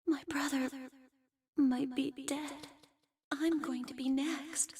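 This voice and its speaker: A woman's voice: high voice, steady tone, takes it slowly, a little mellow. An actress voicing an anxious, easily startled young woman in a video game. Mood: scared.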